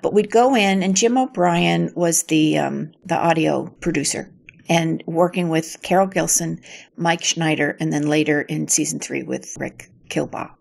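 An older actress in an interview, telling anecdotes in a reflective, storytelling way with a gravelly voice. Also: female voice, deep voice, measured pace.

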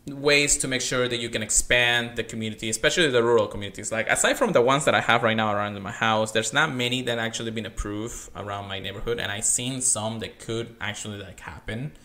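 A man co-hosting a casual gaming podcast, chatty and rambling with lots of fillers and restarts, sometimes reading text aloud in a careful flat way. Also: mid-range voice, fast talker, hardly any pauses. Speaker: podcast co-host.

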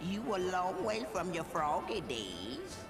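Brief: cackling old swamp priestess, slow drawl, high swooping voice, music bed. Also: female voice, very animated. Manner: folksy Southern drawl, cackling. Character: ancient cackling swamp voodoo priestess woman. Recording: game audio with music. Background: game music.

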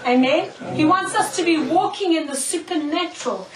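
A woman preacher giving a sermon, telling stories in an animated way, often laughing and checking in with "okay?". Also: very high-pitched, normal speed, heavy background noise. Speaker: preacher, prophetess. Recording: echoey room, mic far off.

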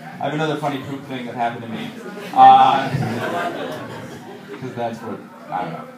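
A man doing a stand-up set, telling self-mocking stories with lively shouted punchlines before a live audience. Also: medium pitch, moderate pace, over a noisy crowd, very noisy. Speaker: stand-up comedian. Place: comedy club stage with audience. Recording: roomy, distant live club recording.

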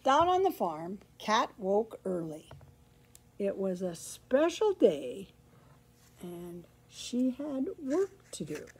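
A woman reading a picture book aloud to children as a library storyteller, pausing to explain words along the way. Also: medium pitch, big pitch swings, a little mellow, breathy edge.

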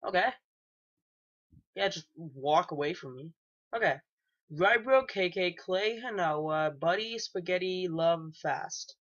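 A man's voice: high-pitched, expressive, takes it slowly, a bit bright. A young man, maybe a teenager, doing casual let's play commentary, hesitant and rambling with lots of ums and restarts. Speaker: gaming YouTuber. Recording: dull lo-fi home mic.

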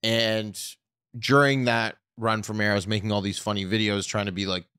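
Low-voiced man telling rambling stories. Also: level tone, moderate pace, sharp tone, clean tone, no room sound, studio quality. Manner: candid, rambling storytelling with frequent fillers. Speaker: comedian guest. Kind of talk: casual podcast chat.

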